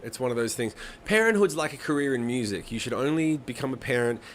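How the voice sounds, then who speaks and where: A man in his thirties talks casually on a live stream, his voice sitting at an ordinary middle pitch. He rambles through stories, swears freely, and laughs along. A faint hum of the room sits behind him. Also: lively intonation, fast. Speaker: live-stream songwriting host. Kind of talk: casual chat to a live audience.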